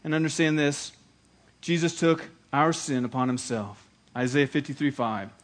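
A male pastor preaches a sermon with dramatic emphasis, leaning into repeated phrases. His voice sits a little higher than most men's. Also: steady tone, moderate pace.

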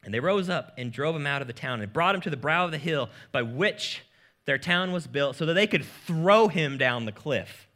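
A male pastor preaches with a bright, forceful tone and a voice that swings widely in pitch. He jokes and talks casually to his congregation, and his pitch sits a little above the usual. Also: normal speed. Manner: lively, joking, casual preaching. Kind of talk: sermon.

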